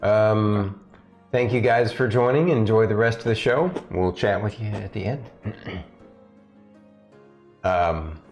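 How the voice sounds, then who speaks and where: A man's voice: lowish voice, slow, pauses often, a little mellow, dull audio, soft background music. A man narrating as game master, rambling with many restarts. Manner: rambling, full of fillers and restarts.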